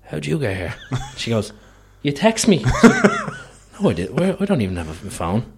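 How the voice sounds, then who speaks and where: A man's voice: mid-range voice, huge pitch swings, normal speed, slight background noise. A young man on a podcast, telling a story in casual chat, laid-back and laughing at himself.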